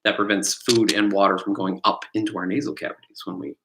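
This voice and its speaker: A man's voice: on the low side, little pitch movement, fast, a bit bright, low-quality recording. A middle-aged man teaching exam prep on a live stream, rambling casually and firing questions at viewers. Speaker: test prep instructor. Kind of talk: live-stream quiz lesson. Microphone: computer mic on a live stream.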